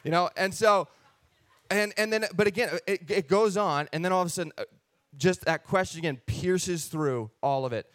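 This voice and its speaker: A man with a somewhat higher voice tells his faith testimony in an earnest, animated way. The recording is dry, close and without room sound. He keeps slipping into acting out his own past thoughts. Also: moderate pace, no room sound. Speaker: person sharing a faith testimony. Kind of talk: personal testimony storytelling.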